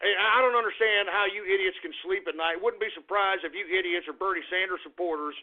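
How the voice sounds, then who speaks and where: A man hosting a radio talk show, ranting abrasively with profane shouted insults at listeners. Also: sits high, a little fast. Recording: phone-like lo-fi radio sound.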